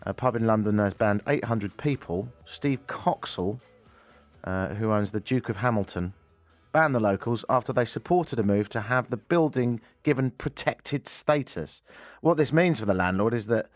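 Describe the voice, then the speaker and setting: A man's voice: on the low side, animated, moderate pace, dry recording, soft background music. Canadian guy on talk radio, dry sarcastic jokes, dead dry studio sound. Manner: dry, mocking humor. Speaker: radio show host.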